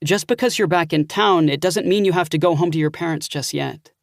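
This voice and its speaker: A man voicing a calm, decisive young woman who takes charge of her friends. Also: fairly high pitch, fairly quick, creaky, no echo, studio quality. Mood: firm. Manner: firm and organized.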